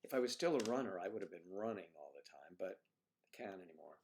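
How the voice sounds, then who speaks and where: A man's voice: sits low, lively intonation, fast talker, darkish tone, slight background noise. A man hosting a livestream, chatting casually and rambling as he reads out viewer comments. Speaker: livestream host.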